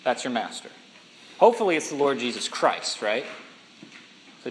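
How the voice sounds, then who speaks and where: Emphatic male preacher with lively pitch. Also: moderate pace, big-room sound, rough recording. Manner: emphatic, asks the congregation questions. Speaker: pastor. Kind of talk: sermon.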